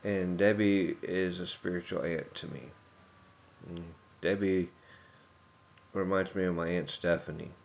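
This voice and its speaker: A man's voice: low voice, fairly even intonation, unhurried, gravelly, lo-fi sound. A man giving a personal tribute speech, rambling through anecdotes and chuckling often.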